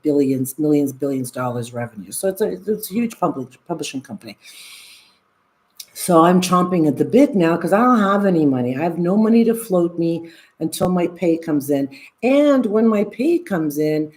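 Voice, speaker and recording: Woman in her 60s, casual livestream chat, rambling, blunt, low-pitched, warm tone. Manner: rambling and candid, with restarts and frank swearing. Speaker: vlogger.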